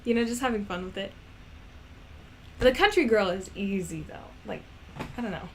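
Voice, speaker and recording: A woman's voice: medium pitch, normal speed, slight background noise. A woman rambling in casual chat, giggly and self-deprecating. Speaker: animator and vlogger.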